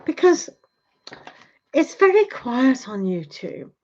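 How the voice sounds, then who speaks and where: A woman's voice: high voice, very animated, takes it slowly, pauses often, a little mellow. Chatty woman, lo-fi stream. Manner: chatty, rambling, tag questions. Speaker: tarot livestream host. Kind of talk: casual chat with live viewers. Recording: dull lo-fi livestream audio.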